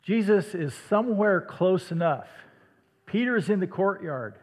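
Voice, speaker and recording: A man with a slight Midwestern accent preaches in a chatty, plain-spoken way and often sinks to a hush for weight. His voice sits a little high for a man. The hall behind him rings with a long reverb. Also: animated, a little slow. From Iowa. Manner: conversational, dramatic dips to a hush. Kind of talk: sermon.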